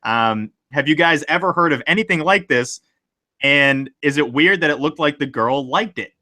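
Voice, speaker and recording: A man's voice: fairly high pitch, animated, normal speed, sharp tone. A man hosting a podcast, chatting casually and loosely with many fillers as he reads listener stories. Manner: loose and rambling, many fillers, laughs easily. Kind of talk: casual chat.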